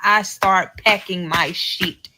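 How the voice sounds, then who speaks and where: A woman's voice: fairly low pitch, fairly even intonation, slow. A woman telling a storytime monologue in a profane, dramatic way, acting out the dialogue. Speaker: storyteller in a played clip.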